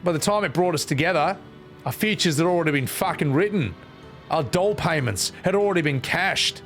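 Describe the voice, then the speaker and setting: A man with an Australian accent voicing a gentle young queen turned cold ruler, solemn lines broken by swearing. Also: on the high side, animated, brisk, soft background music, pitched above the performer's own voice. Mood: mournful. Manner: mock-solemn, swears mid-speech.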